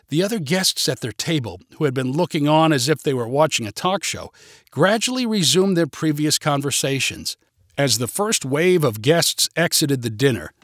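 A man reading a humorous short story aloud with expressive, lively delivery. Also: fairly high pitch, no echo, clean studio sound.

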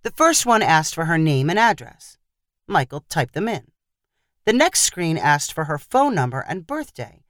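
A woman narrates a story in a steady, even-handed read. Her voice sits low with a lively, moving pitch. The sound is dry and close. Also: a little slow, dry recording. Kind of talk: scripted narration.

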